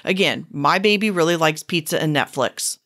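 A woman hosting a solo podcast as a former therapist, talking casually and emphatically, swinging between punchy loud bursts and slow quiet stresses. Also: low voice, lively intonation.

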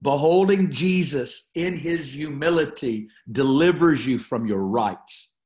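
This man's voice is a little high with a darkish tone, and he takes things slowly in a reverberant room. Teaching a Bible study, he reads from scripture and preaches on the passage, leaning on repeated phrases to drive points home.

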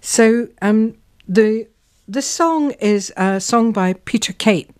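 A woman's voice: fairly high pitch, takes it slowly, darkish tone, clear, resonant tone. A woman hosting a local history show, chatting casually and searching for words with the odd filler. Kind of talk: casual radio-style chat.

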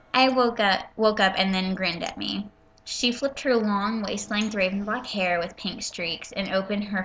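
Sarcastic woman reader with a sharp, bright voice who keeps interrupting herself with profane jabs. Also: mid-range voice. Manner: sarcastic, profane, exasperated asides. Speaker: reader and commentator. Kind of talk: reading a fanfiction aloud with mocking commentary.

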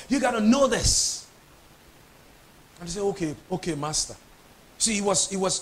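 A man's voice: very high-pitched, a bit bright. A man preaching a sermon as pastor, emphatic and repetitive, putting questions to his congregation.

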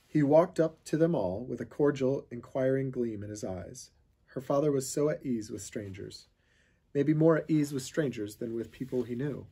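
Gravelly man reading a children's book aloud. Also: medium pitch, moderate pace. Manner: steady storytelling narration. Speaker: reader of a children's novel.

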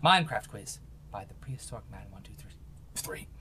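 A man's voice: on the low side, lively intonation, a little fast, pushed and bright. A young man giving jokey, hyper commentary while playing a game. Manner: hyper, jokey, shifts into silly voices and yelps. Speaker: gaming commentator.

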